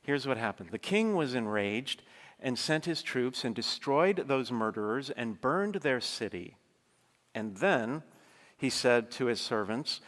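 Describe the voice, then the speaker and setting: A man's voice: mid-range voice, lively intonation, a little slow, fairly bright tone. Man preaching a chatty sermon in a reverberant church. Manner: conversational storytelling, frequent asides to the congregation. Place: large church.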